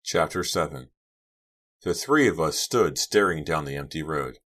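A man narrating an audiobook in a steady, measured reading. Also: rumbling low. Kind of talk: scripted narration.

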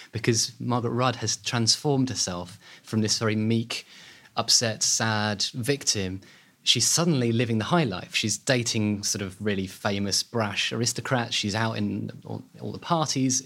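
A man, a guest author telling a history story in lively, animated conversation. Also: mid-range voice. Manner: lively, animated, hedging with fillers.

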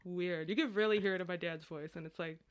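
A woman's voice: lowish voice, fairly even intonation, quick pace, a little hiss or hum. A woman talking candidly in a casual podcast chat, swearing freely and laughing often.

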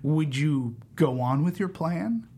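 Guy hosting a chat, slightly high voice, thinks out loud and asks a lot of questions. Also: animated, slow pace, husky. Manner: questioning, thinks aloud with restarts. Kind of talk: casual discussion.

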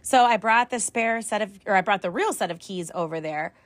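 Mid-age mom rambling through a funny family mess, wry and animated, dry close sound. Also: female voice, medium pitch, brisk, no echo. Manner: animated, wry, exasperated humor; acts out dialogue with "I'm like". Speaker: mother telling a family story. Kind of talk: casual storytelling to camera.

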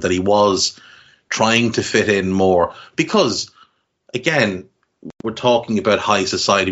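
Male podcast co-host, low-pitched, measured and musing, on muffled lo-fi audio. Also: a bit bright. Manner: measured, thinks aloud with repeated words. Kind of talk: casual film review chat.

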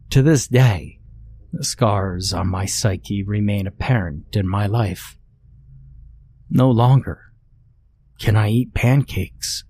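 Slow, low-voiced male horror narrator. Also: darkish tone, husky.

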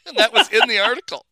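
Animated, bright-voiced male storyteller. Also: extremely high pitch, dry recording. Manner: animated anecdotes, acts out quotes. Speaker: guest telling stories. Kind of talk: casual storytelling chat.

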